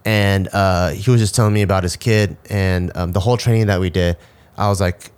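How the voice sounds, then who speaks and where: A man's voice: low-pitched, a little fast, clean tone. A man in his thirties co-hosting a casual chat, telling stories with lots of swearing and acted-out quotes. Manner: profane animated storyteller who acts out quotes. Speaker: podcast co-host.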